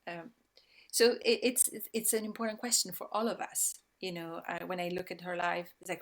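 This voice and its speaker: A woman with an Italian accent, a guest speaking reflectively in conversation, pausing often and restarting her phrases. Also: fairly low pitch, level tone. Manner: reflective, many pauses and restarts. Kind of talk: thoughtful conversational talk.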